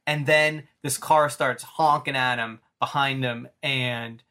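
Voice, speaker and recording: A man's voice: medium pitch, fairly even intonation, slow pace, pushed and bright. A man in his thirties hosting a podcast in casual chat. He rambles with enthusiasm and acts out scenes as he retells them. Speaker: podcast host.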